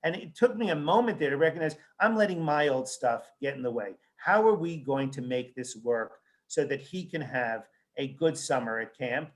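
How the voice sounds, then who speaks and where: A man's voice: fairly high pitch, moderate pace, hardly any pauses. A male child psychiatrist and author in a conversational interview, telling stories animatedly, acting out quoted dialogue and often restarting his sentences. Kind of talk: conversational interview, anecdotal storytelling.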